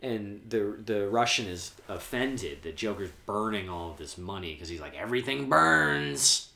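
Low-voiced man recapping a film. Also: moderate pace, a bit bright, echoey room. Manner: retells scenes with quoted lines, drops to a low murmur. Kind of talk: casual chat.

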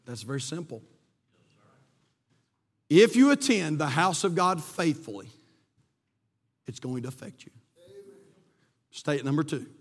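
A male pastor preaching a sermon with passion, swelling and then dropping to quiet emphasis, in a church sanctuary. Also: a little high, sing-song, a little slow, pauses often, breathy edge. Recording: long reverb of a church hall.

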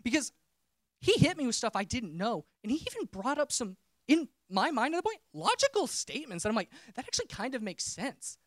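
Speaking in a brisk, sing-song manner, this man has a very high, fairly bright voice captured in a dry, clean studio recording. His personal testimony unfolds like a casual chat, with sentences frequently cut short and restarted.

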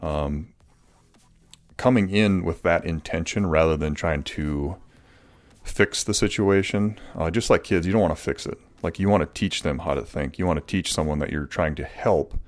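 A man hosting a solo podcast, answering listener questions in an earnest, rambling way with many fillers and restarts. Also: rumbling low. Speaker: podcast host.

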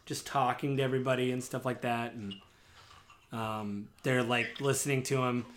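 A man's voice: medium pitch, steady tone, moderate pace. A man narrating as game master of a tabletop game, loose and rambling with lots of fillers.

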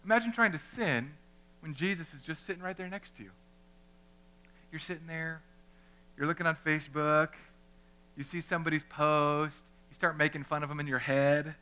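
A man, a pastor, preaching a lively sermon, talking straight to his congregation and acting out little scenes. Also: a little high, normal speed, pauses often, clean tone. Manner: conversational, addresses the congregation directly; animated, acts out little scenes.

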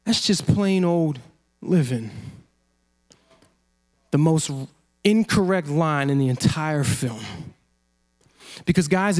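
A man preaching a sermon as a pastor, animated, acting out quotes and laughing often. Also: high-pitched.

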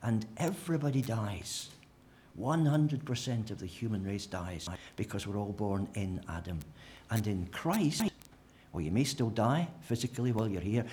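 A man preaching a sermon, animated and humorous, acting out the voices of imagined people. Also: on the low side, slight background noise. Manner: animated, acts out imagined speakers with humour.

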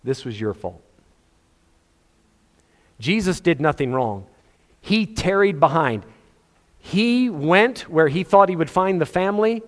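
A man preaching a sermon, telling the story with animated, acted-out scenes. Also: high-pitched, unhurried. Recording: long hall reverb.

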